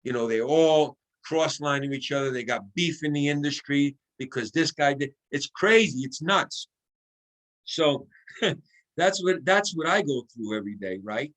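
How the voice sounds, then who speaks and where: A man giving an excitable, coaching sales training talk over a video call, acting out sample phone calls as he goes. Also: a little high, a little slow, low-quality recording. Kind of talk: motivational team training talk.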